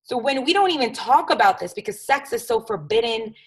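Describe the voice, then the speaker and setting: A young woman hosting a solo podcast, ranting with fierce, profane emphasis. Her voice sits a little high for a woman. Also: sing-song, brisk, slightly rough, poor audio. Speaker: podcast host.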